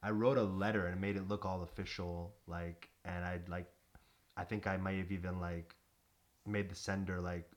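A man's voice: deep voice, little pitch movement, moderate pace. A young man, a podcast co-host, telling rambling comic anecdotes in casual chat, full of "like". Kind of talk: casual comedic storytelling.

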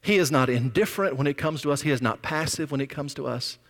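A male pastor preaching a sermon with emphatic, drawn-out stresses, sometimes dropping almost to a whisper. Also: a little high, long reverb tail. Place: church sanctuary.

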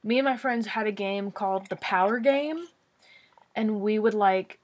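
A woman's voice: mid-range voice, normal speed, slight background noise. Young adult woman, podcast co-host, upbeat teasing banter. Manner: playful, enthusiastic, teasing. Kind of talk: casual chat.

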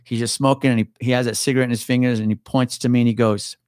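A man's voice: mid-range voice, level tone, rapid-fire, darkish tone, no room sound, studio quality. A man, a retired police officer, telling a story as a podcast guest in casual talk, swearing freely and laughing as he goes.

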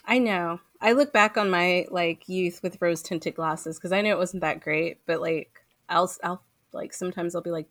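A woman co-hosting a gaming podcast in casual chat, talking fast with many fillers and frequent laughs. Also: on the low side, steady tone, a bit bright, dry recording, studio quality. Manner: chatty, fillers of "like", laughs often. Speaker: podcast co-host.

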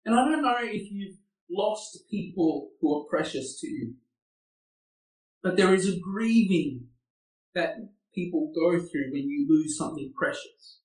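A man's voice: high voice, expressive, measured pace. A man preaching a sermon, earnest and asking his listeners rhetorical questions. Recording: echoey room, far from the mic.

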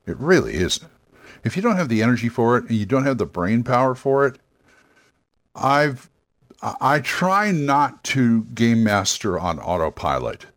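An older man hosting a solo podcast, giving rambling, self-correcting, encouraging advice on running tabletop games. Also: lowish voice. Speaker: podcast host giving game master advice. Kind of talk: casual solo podcast talk.

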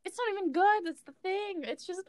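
A young woman co-hosting a podcast, chatting casually, excitable and giggly, swearing a lot. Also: extremely high pitch, brisk, dry recording. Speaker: podcast co-host. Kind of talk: casual chat.

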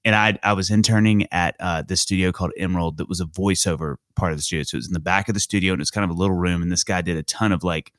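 Low-voiced man telling lively stories. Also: very fast, hardly any pauses, no room sound, studio quality. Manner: animated, enthusiastic storyteller. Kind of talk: casual storytelling chat.

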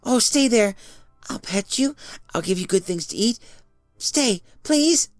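A small excited boy, voiced by a narrator, pitched well up and pleading. The voice bounces with lively swings of pitch. It sits dry and close, with faint music underneath. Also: unhurried, no room sound, lightly acted. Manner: pleading, high and eager.

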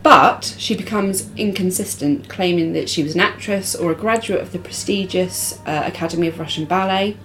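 A woman's voice: lowish voice, normal speed, hardly any pauses, a bit bright, soft background music, poor audio. A woman hosting a casual podcast, reading case details and then chatting loosely with her co-host. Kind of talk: casual true-crime chat.

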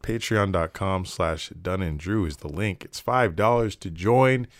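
Low-voiced laid-back male podcaster. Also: a little slow, dry recording, studio quality. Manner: loose, laughing, swearing banter. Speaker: podcast co-host. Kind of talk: casual podcast chat.

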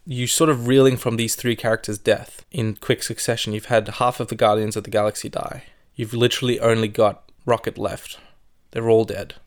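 A man in a casual movie discussion, telling scenes with emotion and quoting lines softly. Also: medium pitch, moderate pace. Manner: emotional, animated storytelling, quotes scenes softly.

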